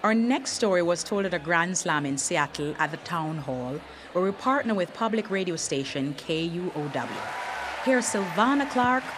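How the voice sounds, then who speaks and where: A woman hosting a radio show, giving a measured, scripted introduction. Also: fairly low pitch, expressive, noisy background. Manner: measured, announcing. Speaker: radio host.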